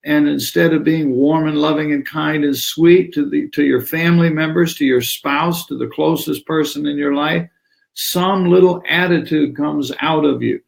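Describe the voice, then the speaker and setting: Guy explaining yoga texts, gravelly voice, kinda high, chatty and animated. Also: moderate pace. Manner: animated, acts out little dialogues. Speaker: yoga teacher. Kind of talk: conversational teaching on scripture.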